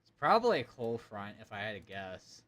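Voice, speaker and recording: A man's voice: on the low side, sing-song, fairly quick, fairly bright tone. A man hosting live severe weather coverage, talking casually and thinking aloud as he clicks through weather maps. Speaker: severe weather stream host.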